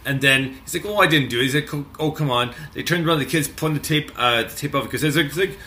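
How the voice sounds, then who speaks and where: A man in casual chat, excitable and laughing, stammering through his stories. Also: on the high side, fast talker, a little hiss or hum.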